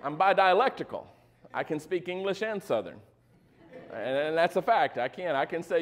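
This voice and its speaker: A man with a high voice preaches to his congregation in an easy, conversational way. He mixes joking asides into the teaching and keeps checking that his listeners are following him. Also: big pitch swings, fairly quick. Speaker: pastor. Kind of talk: sermon.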